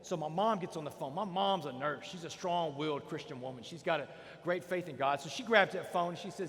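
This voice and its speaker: A fast-talking Texan man in his forties, his voice pitched high as he tells his story to an audience with rising, emphatic energy. His voice rings through a hall with a long reverb tail. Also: a bit bright. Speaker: motivational speaker. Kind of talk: motivational speech to an audience.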